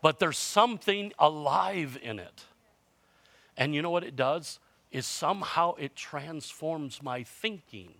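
A man's voice: a little high, expressive, a little slow, vocal fry, sharp tone, no room sound. Man in his fifties preaching, dry sound. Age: 50s. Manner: conversational storytelling, self-mocking humor, frequent restarts. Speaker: pastor. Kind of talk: sermon.

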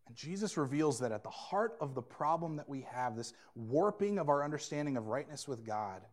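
A man preaching a sermon as pastor, earnest and emphatic, swinging between loud emphasis and quiet asides. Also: mid-range voice, expressive, fairly quick.

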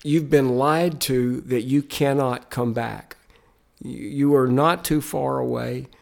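A man's voice: mid-range voice, steady tone, takes it slowly, vocal fry, a little mellow. A man, a Christian musician, telling stories in a podcast interview with an earnest, emphatic, preacher-like cadence.

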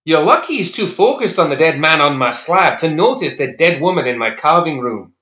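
A man's voice: on the high side, lively intonation, moderate pace, pushed and bright, pitched above the performer's own voice. A man voicing a brusque male morgue keeper who talks in a raised, sing-song voice. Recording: echoey, slightly dull recording.

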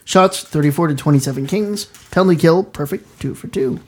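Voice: mid-range voice, brisk. A co-host reading hockey game recaps in a casual podcast, joking and laughing between lines.

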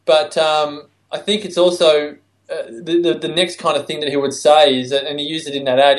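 A man's voice: a little high, flat delivery, moderate pace. A man, telling stories and laughing through them in casual podcast chat. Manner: warm storytelling, laughs while speaking. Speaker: podcast co-host.

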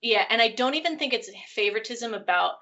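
A woman with a bright, gravelly voice talks through a film on a casual podcast. She analyses it in a thoughtful, animated way. The audio is dull and lo-fi. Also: fairly high pitch, fast talker. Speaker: podcast co-host.

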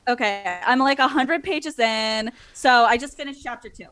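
High, bright, lively woman. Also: moderate pace, faint music behind. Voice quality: voice others call annoying. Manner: blunt, teasing, emphatic. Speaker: podcast co-host. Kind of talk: casual chat.

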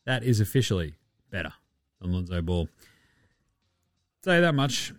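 A man's voice: fairly low pitch, big pitch swings, normal speed, no room sound, studio quality. A man with an Australian accent hosting a casual, rambling chat with lots of swearing and chuckling asides. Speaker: podcast host.

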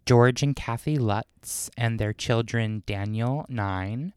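A man's voice: medium pitch, slow, smooth, no echo. A man co-hosting a podcast, telling a story from prepared notes and breaking into chatty asides. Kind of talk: casual storytelling chat.

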